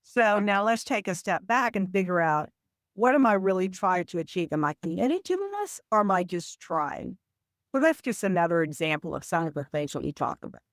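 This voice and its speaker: Woman coach on a podcast, calm and explaining stuff, dry close sound. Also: lowish voice, dry recording. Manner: measured, explanatory, gives examples. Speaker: podcast guest, communication coach. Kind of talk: conversational interview.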